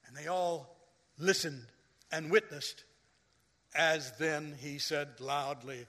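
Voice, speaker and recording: A man preaching a sermon as a pastor, telling stories slowly and rising to loud, dramatic quoted lines. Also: fairly high pitch. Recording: long hall reverb.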